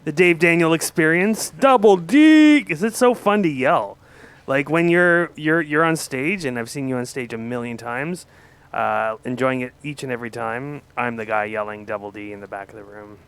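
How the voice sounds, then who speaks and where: An upbeat male host leads a live studio show, trading jokes with the musicians between songs. His voice is smooth and clear, his pitch sits in the middle, and he keeps the banter loose. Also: normal speed, a bit bright. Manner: upbeat, joking, hypes the guests.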